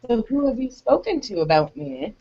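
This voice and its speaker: A woman's voice: on the high side, sing-song, moderate pace, mellow, breathy edge, voice pushed up, heavily acted. A woman voicing a poised, polite vampire lady in a tabletop game, speaking in a gracious, formal way. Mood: curious. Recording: dull lo-fi recording.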